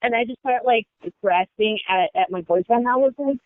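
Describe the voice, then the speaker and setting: High-voiced woman on a tinny line. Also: a little fast, no echo. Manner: rambling storyteller, acts out quotes. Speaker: podcast guest. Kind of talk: casual chat. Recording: dry, tinny phone-like sound.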